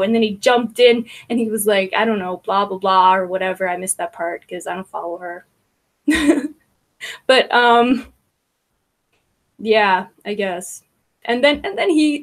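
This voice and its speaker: A woman hosting a casual livestream, rambling about online gossip with frequent laughter, swearing and filler words. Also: a little high.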